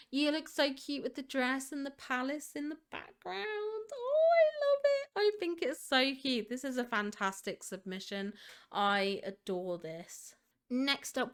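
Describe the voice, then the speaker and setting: A woman's voice: fairly high pitch, fairly bright tone, smooth. A woman hosting a gaming channel, gushing in casual commentary over fan screenshots with a lot of "like" fillers. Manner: gushing, enthusiastic, leans on filler "like".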